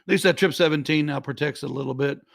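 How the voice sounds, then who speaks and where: Gravelly teasing darts co-commentator, male. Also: a little high, racing, dry recording. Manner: teasing, dry humor. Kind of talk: live sports commentary banter.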